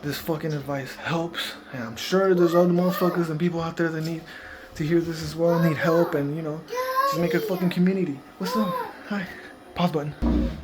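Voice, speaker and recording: A man's voice: fairly high pitch, steady tone, brisk. A man giving casual, profanity-heavy parenting advice in a rambling, laid-back vlog monologue. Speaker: parenting vlogger.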